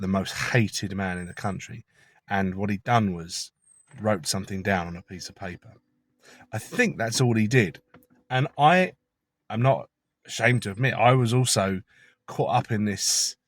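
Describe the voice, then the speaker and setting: Man, low voice, dry close sound, chatty conspiratorial car vlog rant. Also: no echo. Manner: chatty, conspiratorial, swears casually. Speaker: vlogger. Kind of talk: rambling opinion monologue.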